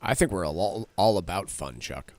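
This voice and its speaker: A man's voice: sits low, lively intonation, normal speed, no room sound. A man co-hosting a financial radio show, chatting about economic data with joking asides. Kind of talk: casual market news chat.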